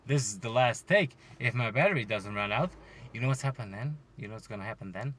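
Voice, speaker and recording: A man hosting a casual solo podcast, ranting, joking and swearing, with loud outbursts. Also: medium pitch, expressive, a little fast, slight background noise. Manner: swearing, joking and heckling the listeners. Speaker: podcast host.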